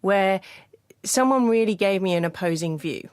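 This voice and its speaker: A woman author in a studio interview, telling a story earnestly with quick restarts. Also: mid-range voice, expressive, smooth, dry recording. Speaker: author guest. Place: podcast studio.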